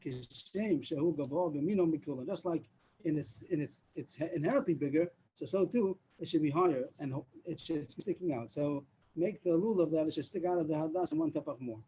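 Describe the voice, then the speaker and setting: A man's voice: fairly high pitch, fairly quick, warm tone, a little hiss or hum, rough recording. A man teaching a daily Talmud class over a video call, explaining step by step and mixing in Hebrew and Aramaic terms.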